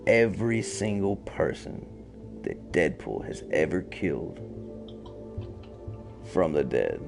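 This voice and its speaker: A man with a deep, gravelly voice talks slowly through a comic-book plot for his podcast. His delivery is loose and relaxed, full of fillers and a few curses. Soft music plays faintly underneath. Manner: laid-back retelling with fillers and profanity. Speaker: podcast host. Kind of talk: casual comic-book storytelling.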